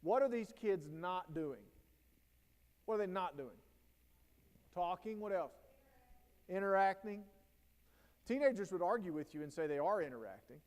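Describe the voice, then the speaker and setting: A man's voice: high voice, lively intonation, normal speed, pauses often. Folksy male presenter in an echoing hall. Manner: conversational, folksy, anecdote-driven. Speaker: presenter at a teacher training day. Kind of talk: storytelling professional development talk. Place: school auditorium or hall.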